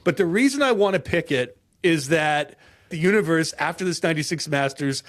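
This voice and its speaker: A man co-hosting a podcast, telling golf history in a casual, animated way, with dramatic flourishes and frequent laughs. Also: fairly high pitch, brisk. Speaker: podcast co-host.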